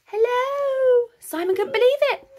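A woman reads a children's storybook aloud, with a playful, expressive delivery. Her voice is high and bright, with a lively, wide melody. She takes her time over each line. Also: measured pace. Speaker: school staff reading a story.

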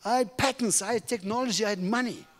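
A middle-aged man from Africa giving a sermon testimony as a guest preacher, telling his story in an animated, humorous way. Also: high-pitched, quick pace. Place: church sanctuary. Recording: long reverb of a church hall.

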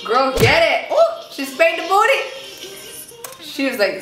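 A woman's voice: a little high, sing-song, normal speed. A young woman reacting to videos with casual commentary, gasping, squealing and gushing over what she watches. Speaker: reaction vlogger. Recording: echoey room with faint music.

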